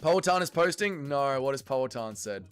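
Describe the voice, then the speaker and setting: Animated young man hosting a livestream. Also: medium pitch, normal speed, clear, resonant tone, faint music behind. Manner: animated, swearing, reacting to chat. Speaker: livestream host. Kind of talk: casual watch-along chat.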